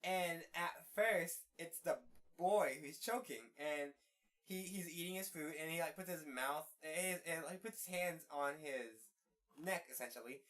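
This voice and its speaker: A woman's voice: deep voice, a little slow, a bit bright. A young adult woman hosting a casual podcast chat, telling stories in a rambling way with lots of "like" fillers. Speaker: podcast host.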